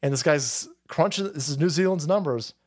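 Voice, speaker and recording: A man's voice: a little high, normal speed. A foul-mouthed man hosting a livestream, reading viewer chats and rambling through his commentary with frequent restarts. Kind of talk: casual profane stream commentary.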